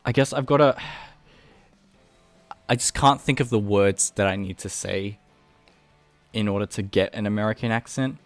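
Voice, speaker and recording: Laid-back Australian man, low voice. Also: moderate pace, pauses often, no room sound, soft background music. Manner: rambling, relaxed, many fillers and restarts. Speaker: animator streaming live. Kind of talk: casual livestream chat.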